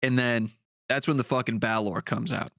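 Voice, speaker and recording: A man's voice: mid-range voice, steady tone, moderate pace, fairly bright tone, no room sound, clean studio sound. A man co-hosting a podcast, chatting casually about tabletop games, rambling with lots of fillers and swearing. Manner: rambling, profane, many fillers. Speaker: podcast co-host.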